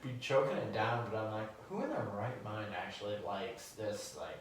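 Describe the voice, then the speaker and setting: A man co-hosting a podcast, telling stories in a deadpan way with crude humor. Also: on the low side, normal speed, slight background noise. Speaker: podcast co-host. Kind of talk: casual chat. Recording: echoey room, mic at a distance.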